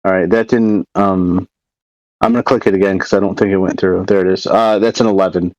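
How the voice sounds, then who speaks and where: A low-voiced man chats as a player in a tabletop game, easygoing and unhurried in manner. His audio is a little dull, as if through a modest microphone, and fully dry. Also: fairly even intonation, darkish tone, no echo. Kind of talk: casual tabletop game play.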